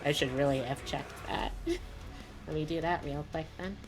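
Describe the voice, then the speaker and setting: A woman's voice: low-pitched, normal speed, music in the background. A woman VTuber chatting casually while she draws on stream, rambling with lots of asides.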